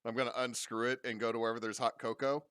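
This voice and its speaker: Animated male player, bright crisp voice, swears a lot. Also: medium pitch, fast, no room sound, studio quality. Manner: animated, swearing, loud outbursts. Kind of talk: casual tabletop play.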